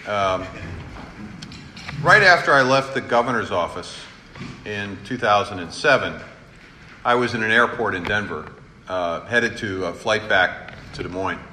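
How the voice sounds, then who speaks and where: A middle-aged man speaking to an audience in a large hall, telling self-deprecating stories with a lively, up-and-down pitch. His voice carries a long hall reverb over steady room noise. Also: unhurried. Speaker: former governor giving a speech. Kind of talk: informal speech anecdotes to an audience.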